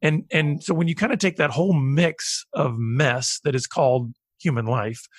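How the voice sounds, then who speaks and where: A man's voice: fairly high pitch, normal speed, slightly rough, no room sound, clean studio sound. A man hosting an interview, asking long, thoughtful questions. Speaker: podcast host.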